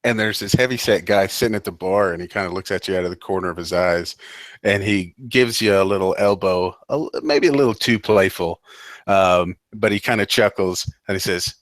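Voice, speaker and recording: A man's voice: low-pitched, a little fast, a bit bright, dry recording. A man narrating as game master, rambling with lots of fillers and restarts.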